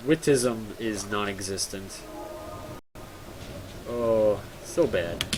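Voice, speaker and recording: A man's voice: on the low side, very slow, music in the background. Tired man rambling to his stream chat. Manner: rambling, self-mocking, tired. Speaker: game streamer. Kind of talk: casual live-stream chat.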